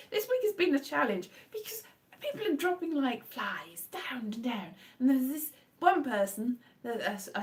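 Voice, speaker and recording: Hoarse woman rambling through a cold. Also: on the high side. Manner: rambling, chatty, self-deprecating. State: hoarse with a cold and sore throat. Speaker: live streamer. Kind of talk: casual live-stream chat. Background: her own faint guitar strumming.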